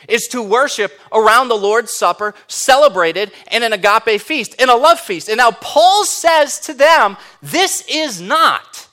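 Male pastor preaching, emphatic and questioning, high bright tone, very animated pitch. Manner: emphatic, many rhetorical questions. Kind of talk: sermon.

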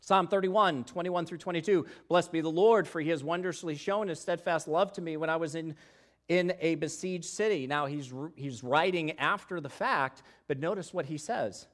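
A man's voice: fairly high pitch, moderate pace. Man preaching with big swings in intensity. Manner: preaching with wide swings from hushed to emphatic; acts out the voices of doubters in scripture. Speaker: pastor. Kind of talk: sermon.

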